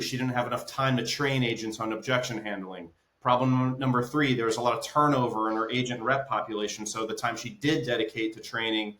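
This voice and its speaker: A male business consultant appears as an interview guest, explaining through stories and checking in with "right?" in a conversational exchange. His medium-pitched voice is a bit bright, and the recording has a roomy echo.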